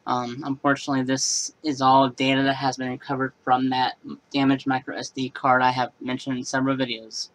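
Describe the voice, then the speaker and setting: A man's voice: mid-range voice, monotone, fairly quick, fairly bright tone, low-quality recording. A man casually talking through a laptop repair in a how-to vlog, rambling and matter-of-fact. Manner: rambling, many fillers and restarts. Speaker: computer repair vlogger.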